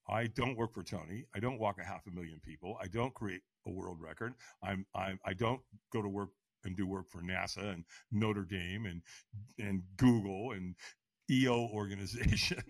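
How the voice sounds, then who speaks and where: A man's voice: fairly low pitch, a bit bright, dry recording. A middle-aged man telling a personal story as a podcast guest, acting out other people's lines in a raised voice and laughing often. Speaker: podcast guest, firewalk instructor. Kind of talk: animated storytelling.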